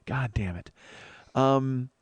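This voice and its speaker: Speaking slowly in a mid-range voice with no room sound, a man hosts a comedy podcast while short on sleep. His monologue rambles and runs self-deprecating, packed with swearing and restarts.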